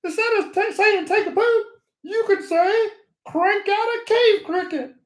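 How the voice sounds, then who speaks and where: A silly male toilet paper puppet with a high, chirpy, exaggerated voice, as a man puts him on. The pitch sits far above a normal speaking voice. The sound is roomy and echoey. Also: unhurried. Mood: gleeful. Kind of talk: playful podcast banter.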